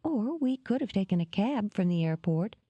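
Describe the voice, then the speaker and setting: A woman's voice: mid-range voice, lively intonation, moderate pace, breathy edge, no echo, muffled recording, voice pushed up. A woman reading an audiobook, voicing a playful young woman who talks in an eager, teasing way.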